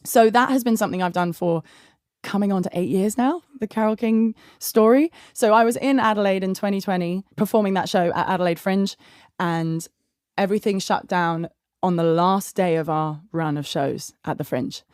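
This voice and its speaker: A woman in her thirties with a southern English accent, telling stories in a lively, chatty interview and laughing often. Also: medium pitch, normal speed, clear, resonant tone, no room sound, studio quality. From England. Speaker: guest songwriter. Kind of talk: casual interview chat.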